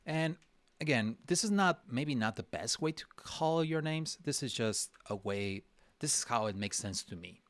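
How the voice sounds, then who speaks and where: A man's voice: mid-range voice, lively intonation, moderate pace, fairly bright tone, no room sound. A man teaching a live drawing session in a casual way, thinking aloud, talking to himself and mocking himself playfully as he works. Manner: thinks aloud while working, talks to himself; chatty with frequent restarts and fillers. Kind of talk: casual livestream tutorial.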